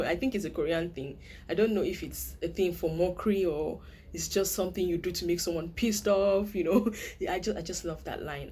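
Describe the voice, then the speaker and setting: A woman's voice: fairly low pitch, a little mellow, slight background noise. A young woman from Nigeria, chatting playfully to camera and laughing often. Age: young adult. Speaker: vlogger. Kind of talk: casual chat to camera.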